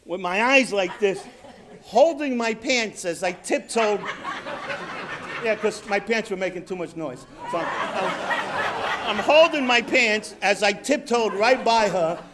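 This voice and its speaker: A middle-aged man from New York telling his own recovery story at a convention, acting out quotes and dropping quiet for emphasis. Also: high voice, expressive, measured pace, background noise. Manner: storytelling with acted quotes, drops to quiet emphasis, laughs at himself. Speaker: recovery speaker. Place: convention hall stage.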